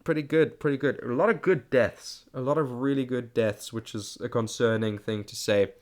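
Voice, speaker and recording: A South African man hosts his own podcast, delivering a chatty, rambling solo movie review and frequently restarting sentences. His mid-range voice moves at a normal speed.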